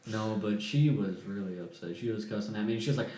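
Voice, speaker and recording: A young man telling a work story on a podcast, animated and laughing, then dropping to deadpan. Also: lowish voice. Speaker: podcast guest. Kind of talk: casual storytelling. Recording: echoey room.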